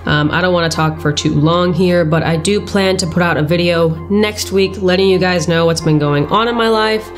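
A woman hosting and narrating a true-crime show, congested and stuffy-nosed from a recent flu, her delivery earnest and measured. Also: lowish voice, steady tone, soft background music. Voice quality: stuffy, blocked-nose voice. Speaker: host. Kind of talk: chatty to-camera intro, then scripted true-crime narration.

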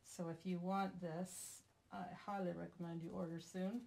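A woman's voice: fairly low pitch, little pitch movement, normal speed, creaky, a little mellow. A woman from Vermont talking casually while demonstrating a craft project, chatty and self-deprecating, joking with someone off camera. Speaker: craft tutorial host.

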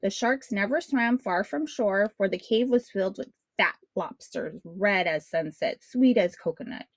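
A woman's voice: medium pitch, moderate pace, dry recording. Woman reading a children's story aloud. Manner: bright, friendly storytelling to children. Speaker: storybook reader. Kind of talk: children's read-along narration.

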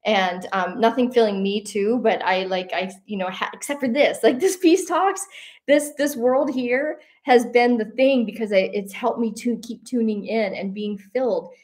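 A woman's voice: on the high side, normal speed. A woman hosting a talk show, speaking in an earnest, rambling, unscripted way with many fillers and restarts. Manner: animated when telling a story, breaking into laughs. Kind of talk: casual unscripted monologue.

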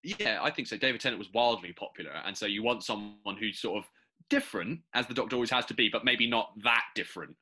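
A man with a low, very bright and forceful but husky voice talks quickly on a podcast. He muses aloud in a lively, easygoing way. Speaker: podcast co-host. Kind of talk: casual chat.

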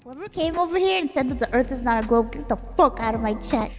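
A young adult woman streaming reactions to videos, talking loudly with lots of exclamations, swearing and laughter. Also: sits high, expressive, fast talker. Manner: loud, exclamatory, profane, laughing.

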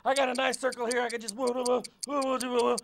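A man acting as a coach, leading a one-minute exercise break with loud rallying calls and jokes. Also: extremely high pitch, flat delivery, very fast, vocal fry, a little hiss or hum. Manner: counts down and chants along while exercising. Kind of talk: energetic workout instruction.

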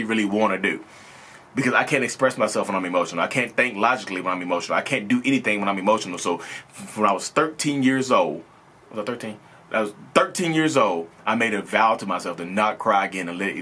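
A man's voice: lowish voice, a bit bright, slight background noise. A man in his thirties talking casually and earnestly to his viewers, rambling and repeating phrases as he tells his own story. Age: 30s. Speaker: video host sharing his own experience. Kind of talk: casual personal monologue.

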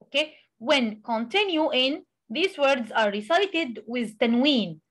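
A woman who speaks Arabic natively, teaching a tajweed lesson in English, explaining with many pauses and reciting examples. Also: sits high, expressive, fairly bright tone. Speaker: Quran recitation tutor.

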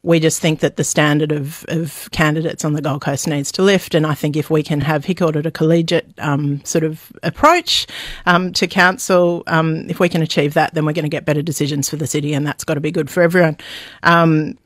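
A woman's voice: sits low, steady tone, brisk, hardly any pauses, no echo, clean studio sound. A middle-aged Australian woman, a journalist guest in a radio interview, speaking thoughtfully with many ums and restarts. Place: radio studio.

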